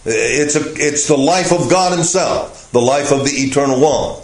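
A man teaching a Bible lesson as pastor, speaking slowly and deliberately with frequent "uh" fillers. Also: on the high side, roomy sound, low-quality recording.

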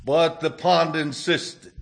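A man preaching a sermon, telling a fable in a gentle storytelling manner before applying it to scripture. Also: on the high side, steady tone, takes it slowly, creaky.

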